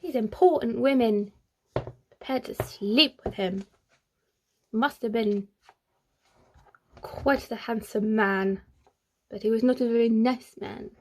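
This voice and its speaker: A woman's voice: a little high, takes it slowly, long pauses, darkish tone. A woman who hosts a history channel, telling history in a casual, chatty way with playful asides. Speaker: history YouTuber.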